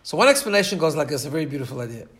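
A man's voice: on the high side, very animated, very fast, a bit bright. A man teaching a Torah lesson in an earnest storytelling manner, often restarting and repeating words as he goes. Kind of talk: storytelling sermon.

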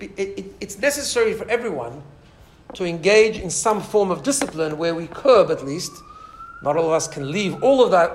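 Rabbi giving an informal class, quick and animated, voice pitched a little high, a small live audience in the room. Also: male voice, a little hiss or hum. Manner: animated storyteller, many restarts and asides. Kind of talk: informal Torah class talk.

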